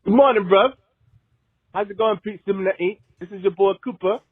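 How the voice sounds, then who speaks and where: A cheery young caller chats in brisk, chummy slang, as a man puts him on. His voice sits high and a little husky. It comes through dry and tinny, like a phone line. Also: no echo. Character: cheery young British male fan caller.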